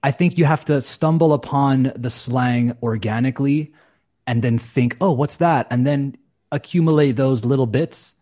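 Chatting casually on a podcast, an English teacher speaks at normal speed with a medium-pitched male voice. He animatedly acts out quoted speech in shifting voices.

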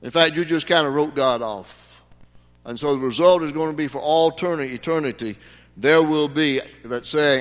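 A bright, fairly high-voiced man preaching a sermon, folksy and conversational, then building to sudden emphatic peaks. His voice carries a long reverb, as in a large church sanctuary. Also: moderate pace. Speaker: pastor.

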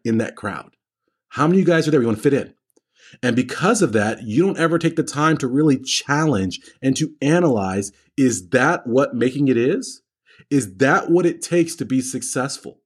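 A middle-aged man talks to students on a livestream as their study coach. His husky voice stays at an average pitch. He tells his stories with energy and acts out the voices of the people he quotes. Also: expressive, moderate pace.

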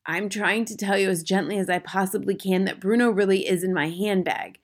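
A woman reading an audiobook, voicing a firm old grandmother who speaks slowly and calmly. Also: medium pitch, lightly acted. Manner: slow, calm, measured. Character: calm, firm old grandmother with a walking stick.

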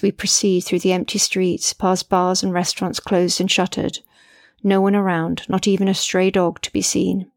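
Low creaky woman narrating a memoir. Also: dry recording, clean studio sound. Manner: earnest, reflective storytelling. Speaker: narrator, mother.

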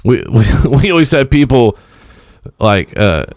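A man's voice: medium pitch, big pitch swings, unhurried, darkish tone, no room sound, clean studio sound. Wry man telling a story on a podcast. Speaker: podcast co-host. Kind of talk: casual storytelling chat.

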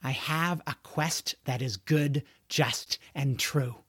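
A man's voice: medium pitch, slow, a bit bright, slightly rough, no room sound, clean studio sound. A man reading a storybook and voicing an earnest, stubborn twelve-year-old boy who speaks in grand, heroic phrases. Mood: solemn.

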